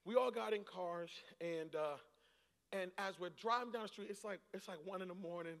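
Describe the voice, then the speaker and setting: A pastor in his forties preaching a sermon, telling a story and rising into shouts and laughter. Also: high voice, moderate pace, creaky. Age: 40s. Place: large church hall. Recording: long hall reverb.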